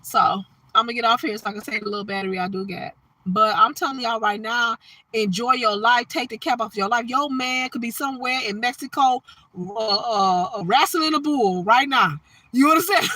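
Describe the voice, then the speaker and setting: A woman's voice: high-pitched, normal speed, pushed and bright, dry recording. Emphatic woman preaching on a phone live. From Detroit, Michigan. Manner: emphatic, repeats "you understand what I'm saying". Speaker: livestream host. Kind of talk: preachy livestream monologue.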